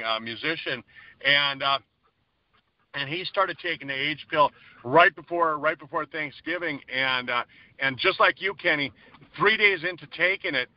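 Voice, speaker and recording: A man hosting a group call, enthusiastic but halting with many fillers. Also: medium pitch, no room sound, muffled recording.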